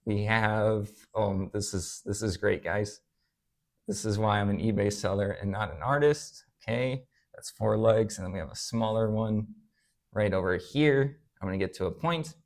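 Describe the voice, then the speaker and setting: Drawing on a board as he talks to camera, the young eBay reseller explains his views on his channel in a casual, earnest way, full of fillers and restarts. He speaks at a moderate pace, with a fairly low, slightly mellow voice and some vocal fry.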